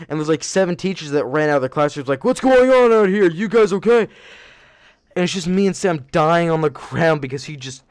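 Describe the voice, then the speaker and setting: A young man hosts a casual podcast, telling a long story in a loose, rambling way and correcting himself as he goes. His voice sits a little high for a man. The sound is dry and close. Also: clean tone, dry recording. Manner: rambling, self-correcting, laughs while telling stories. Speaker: podcast host.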